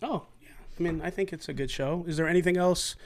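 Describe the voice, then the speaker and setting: A man's voice: a little high, quick pace, a crowd in the background. A man hosting a podcast, telling stories in casual, profane chat. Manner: profane, animated storyteller. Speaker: podcast host.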